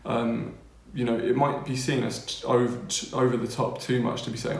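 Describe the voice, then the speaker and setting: A man's voice: medium pitch, steady tone, normal speed, gravelly, roomy sound. A man with an English accent giving a casual spoken lesson and often checking in with his listeners. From England. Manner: chatty, keeps checking in with listeners. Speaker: language-learning teacher.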